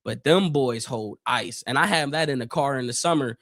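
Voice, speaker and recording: A man from Northeast Ohio hosting a live stream, calling football plays and chatting casually in slangy talk, his voice a little worn and clearing his throat often. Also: mid-range voice, normal speed, fairly bright tone, no echo, clean studio sound. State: losing his voice a bit. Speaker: livestream host doing play-by-play. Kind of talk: casual live play-by-play and chat.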